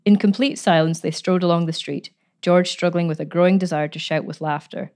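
A woman narrating a story aloud in a measured, even way. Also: on the low side.

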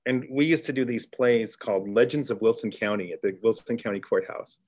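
A middle-aged man from Texas, a teacher telling a classroom story in an interview, earnest, with restarts and excited bursts. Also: lowish voice, fairly quick. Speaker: teacher and author guest. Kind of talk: storytelling in conversation.

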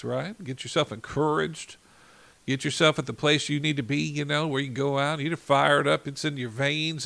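Gravelly-voiced man preaching with fired-up enthusiasm. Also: a little high, pushed and bright. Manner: enthusiastic, fired-up, peppered with "you know". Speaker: minister. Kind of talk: informal devotional preaching.

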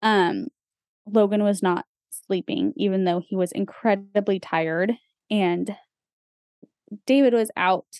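A young woman co-hosts a podcast in a casual, chatty way, full of fillers and small laughs. Her mid-range voice has a darkish tone and moves at a slow pace with long pauses. The recording is clean studio sound with no room noise.

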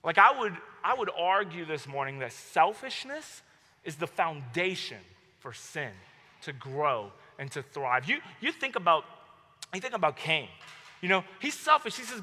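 A male pastor preaching a sermon, telling stories in an animated way and acting out his own outbursts. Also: fairly high pitch, measured pace. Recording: long hall reverb.

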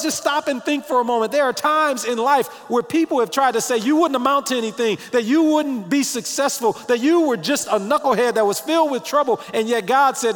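Pastor guy preaching w a high gravelly morning voice, big echoey hall. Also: normal speed. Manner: animated preaching, breaks into snatches of song. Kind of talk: sermon.

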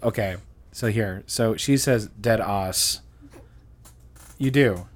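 A man's voice: lowish voice, a little slow. A man co-hosting a casual podcast chat, joking, laughing often and swearing freely. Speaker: podcast co-host.

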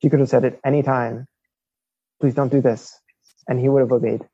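A man's voice: mid-range voice, little pitch movement, a little fast, dark tone, breathy edge, dry recording, dull audio. A man, a Franciscan friar, talking casually as a guest and leaning on "like" a lot. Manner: talkative, peppers speech with "like". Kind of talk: casual conversation. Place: Italy.

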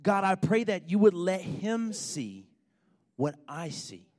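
A man acting out a calm prophet who gently reassures his frightened servant, in a soft, slow voice. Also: sits high, heavily acted.

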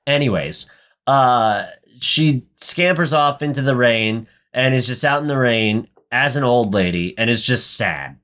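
A man's voice: mid-range voice, animated, measured pace, fairly bright tone. Rich: A young man talking loosely about a film he has just watched, crude and joking. He rambles through the plot with plenty of fillers and asides, in a mid-range voice. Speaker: podcast co-host. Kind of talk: casual movie recap chat.

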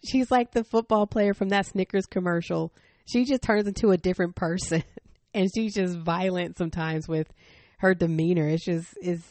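A middle-aged woman hosting a parenting podcast, telling a family story in a frank, animated way, laughing often. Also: mid-range voice, dry recording. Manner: stern, frank. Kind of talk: personal storytelling.

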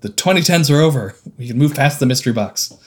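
Excitable guy cohosting a podcast, voice bouncing all over in pitch. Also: quick pace. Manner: enthusiastic, excitable. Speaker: podcast co-host. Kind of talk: casual podcast chat.

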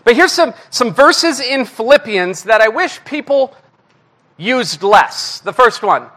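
A man delivers a casual, confessional sermon to a congregation. His voice sits high and sounds bright and forward. He mocks himself openly and keeps the delivery lively. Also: slow. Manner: candid, self-deprecating, animated. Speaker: guest preacher. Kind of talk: conversational sermon.

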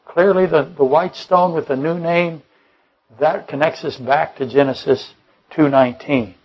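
A man's voice: fairly high pitch, steady tone, unhurried, rough recording. A man preaching a Bible-study sermon, rambling and correcting himself mid-sentence, firing off rhetorical questions and dropping joking asides. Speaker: pastor.

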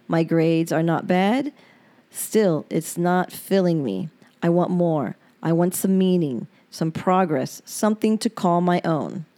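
A woman's voice: fairly low pitch, mellow. A woman podcast host reading her personal diary entries aloud, frank and emotional and given to swearing.

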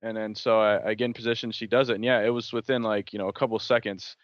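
A man's voice: on the low side, level tone, quick pace, no echo. A man on a podcast telling a story in a rambling, hesitant way. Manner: rambling, hesitant, lots of fillers. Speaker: podcast co-host. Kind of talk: casual storytelling chat. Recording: dull, dry lo-fi audio.

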